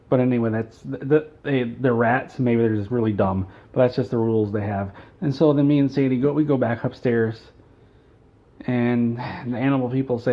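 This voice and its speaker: Casting: male comic storyteller, deadpan and rambling, mid-range voice, slightly muffled lo-fi recording. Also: mid-range voice. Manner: rambling, deadpan delivery of absurd events. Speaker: vlogger telling an absurd story.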